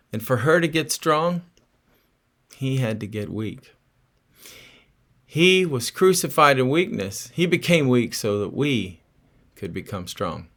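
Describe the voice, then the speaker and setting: A man preaching a sermon in an earnest storytelling manner, asking his listeners direct questions and dropping low and soft on key phrases.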